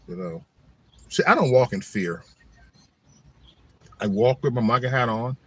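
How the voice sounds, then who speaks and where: A man's voice: mid-range voice, expressive, unhurried, slightly rough. A middle-aged man hosting his own channel, telling rambling school stories in a slangy, joking way. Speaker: channel host. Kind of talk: casual storytelling monologue.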